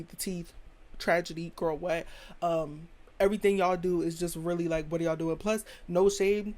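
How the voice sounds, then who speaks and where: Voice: medium pitch, a little mellow. Sassy blunt podcast host from the US. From United States. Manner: sassy, blunt, repeats punchlines. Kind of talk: casual opinion rant.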